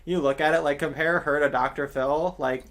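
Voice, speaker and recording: A man hosting a loose online stream, his voice sitting a touch on the high side. He rambles and swears freely, laughs often and trips over his own restarts. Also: fairly even intonation, moderate pace, fairly bright tone. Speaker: stream host. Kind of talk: casual chat.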